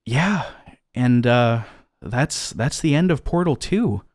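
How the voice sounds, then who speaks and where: A man's voice: mid-range voice, expressive, slow, darkish tone, dry recording, studio quality. A man co-hosting a casual podcast, recapping a game's story with plenty of fillers and restarts. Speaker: podcast co-host.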